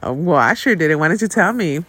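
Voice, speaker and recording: A woman's voice: low voice, expressive, brisk, fairly bright tone, a little hiss or hum. A woman hosting a podcast, venting in a rambling, casual way and swearing freely. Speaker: podcast host. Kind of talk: casual chat. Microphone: podcast mic.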